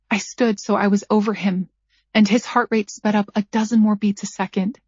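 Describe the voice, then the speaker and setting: A woman narrating a first-person thriller audiobook at a measured pace, her character's lines dryly sarcastic. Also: mid-range voice, fairly even intonation, darkish tone, no echo. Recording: dull lo-fi dry recording.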